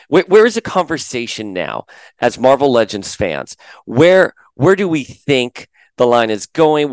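Low, smooth-voiced man hosting a fan podcast. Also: no room sound. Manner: animated, restarts words often. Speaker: podcast host. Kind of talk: casual chat to camera.

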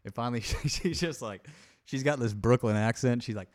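A man's voice: medium pitch, a little fast, darkish tone, dry recording, clean studio sound. A man hosting a podcast in casual chat, laughing often and retelling movie scenes. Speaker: podcast host.

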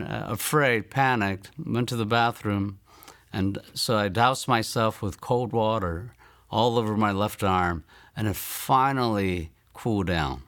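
A man in his fifties from the United States, telling his personal faith testimony in an earnest, reflective way and slowing down to stress key lines. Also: fairly low pitch, a bit bright, no room sound, clean studio sound. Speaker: testimony speaker.

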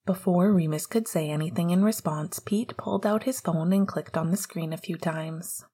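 A woman narrating an audiobook chapter in a steady, measured storytelling voice. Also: lowish voice, husky. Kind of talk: audiobook reading of fan fiction.

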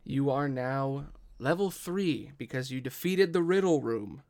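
A man narrating as game master of a tabletop game, measured and deliberate, with the odd swear. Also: mid-range voice, lively intonation, darkish tone.

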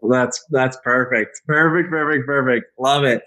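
A man's voice: mid-range voice, normal speed, bright, forceful tone. A man co-hosting a casual podcast chat in an upbeat, enthusiastic way. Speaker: co-host.

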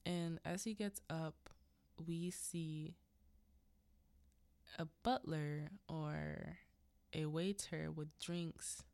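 Slow, low-voiced woman recapping a film. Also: lively intonation, a little mellow, clean tone, dry recording. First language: a language other than English. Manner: rambling, laughs between lines, fillers like yada yada. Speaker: podcast host. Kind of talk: casual movie recap.

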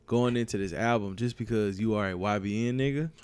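Blunt, low-voiced man ranting casually. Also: a little fast, darkish tone, clean tone, no room sound. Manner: blunt, profane, emphatic opinions. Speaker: podcast co-host. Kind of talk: casual chat.

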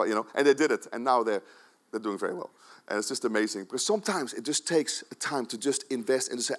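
A pastor from the Netherlands, preaching a sermon in a church, swinging between loud, emphatic urging and quiet asides. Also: male voice, mid-range voice, animated, fast talker.

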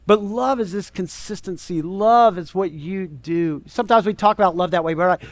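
A man's voice: high-pitched, expressive, fast, hardly any pauses, no echo. A man preaching a sermon as pastor, conversational and emphatic, full of rhetorical questions.

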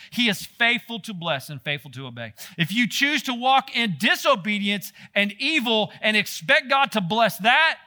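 A man preaching a sermon, animated and talking straight to his listeners. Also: extremely high pitch. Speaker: pastor.

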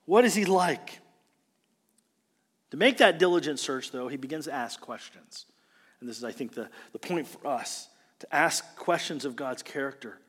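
A man preaching a sermon as pastor, earnest and rising in pitch and volume when he presses a point. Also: normal speed, a bit bright, slightly rough, in a large hall.

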